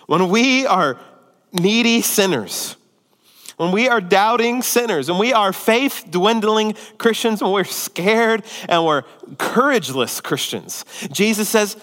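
A male pastor preaching a sermon, swinging from emphatic peaks to hushed, near-whispered passages and asking rhetorical questions. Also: high voice, lively intonation, takes it slowly, in a large hall.

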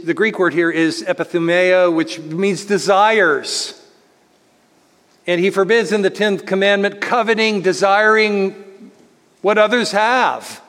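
A man preaching a sermon in an earnest way, slowing down to stress key words. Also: high-pitched, a bit bright. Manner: earnest preaching, slows to stress words, speeds up voicing others. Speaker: pastor. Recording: long hall reverb.

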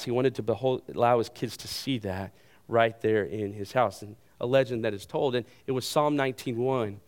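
A male pastor delivering a sermon in an earnest, emphatic way, repeating key phrases and pausing for weight. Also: mid-range voice, clean tone.

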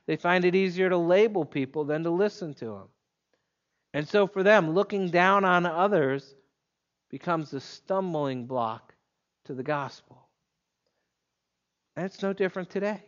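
A man preaching an expository sermon in a measured, emphatic way, leaning on pointed pauses. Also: high voice, dull audio.

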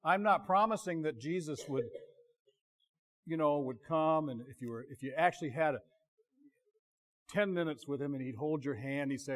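A man preaching a sermon in a conversational way, often stopping himself mid-phrase and dropping to a quiet voice for emphasis. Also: high-pitched, lively intonation, a little fast. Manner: conversational, self-interrupting, drops to quiet emphasis.

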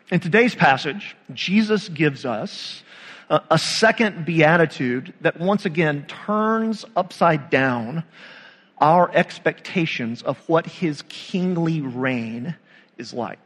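A pastor delivers a sermon in a relaxed, conversational way, asking his listeners questions and pausing for effect. His voice sits a little high for a man and carries a long reverb from the church sanctuary around him. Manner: conversational, with dramatic pauses and rhetorical questions.

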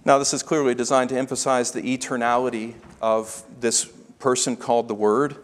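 A man preaching a sermon as pastor, emphatic and slowing down to stress key phrases. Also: medium pitch, little pitch movement, in a large hall.

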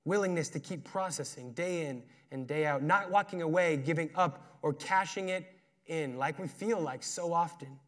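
A man preaching a sermon in a conversational, earnest way, moving between emphatic and quiet passages. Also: fairly high pitch, moderate pace. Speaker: pastor.

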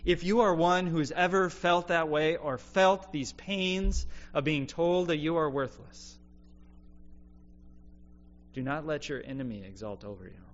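A man's voice: a little high, measured pace. Earnest man preaching, dull lo-fi sound. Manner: earnest, reflective, often dropping quiet. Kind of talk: sermon. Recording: dull lo-fi sound with faint hum.

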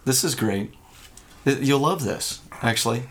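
A man's voice: mid-range voice, expressive, measured pace. A man hosting a casual talk show, rambling and joking, often laughing. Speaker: podcast host. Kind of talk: casual chat.

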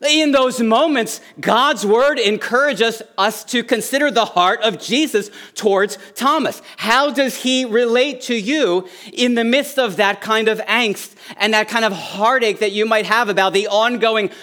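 Earnest high-voiced male preacher. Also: measured pace, hardly any pauses, sharp tone. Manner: earnest, rising emphasis on key phrases. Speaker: pastor. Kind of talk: sermon.

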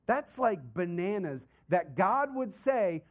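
A middle-aged man preaching a sermon as pastor, conversational and animated, with casual asides and repeated phrases. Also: on the high side, a little slow.

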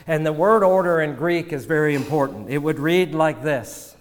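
A man preaching a sermon as pastor, slow and measured, sometimes repeating words. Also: fairly high pitch. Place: church sanctuary. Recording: long church reverb.

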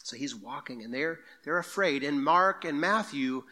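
A man preaching a sermon to a congregation, talking in a conversational way with quick asides and reading scripture aloud. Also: a little high, expressive, pushed and bright. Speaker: pastor.

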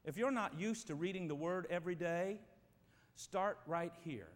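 A man preaching a sermon as pastor, emphatic and swinging between loud and quiet passages, speaking to his church. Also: sits high, moderate pace. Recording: long reverb of a church hall.

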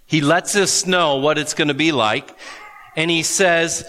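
Slow, bright-voiced preacher in a hall. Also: male voice, a little high. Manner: earnest, emphatic preaching with dramatic pauses. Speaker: pastor. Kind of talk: sermon. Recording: long reverb of a large hall.

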